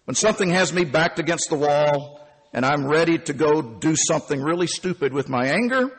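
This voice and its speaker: A man in his fifties telling a first-person story, animated and emphatic. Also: a little high, moderate pace, breathy edge, big-room sound. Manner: animated and emphatic, with punchy phrasing.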